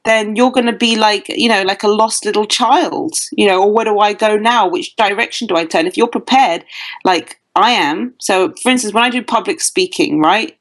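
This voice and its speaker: A woman's voice: mid-range voice, normal speed. A woman from the UK with a British accent, a guest dating coach talking confidently in a podcast interview over a remote call. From United Kingdom. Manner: confident, punchy phrasing.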